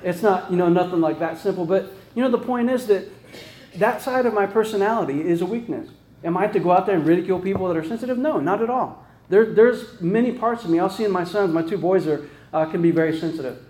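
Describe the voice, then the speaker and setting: A man's voice: sits high, fast, darkish tone, echoey room. A man giving a conversational sermon, often tossing in "right?" and restarting his sentences. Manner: casual, peppered with "right?" tag questions and restarts. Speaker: preacher.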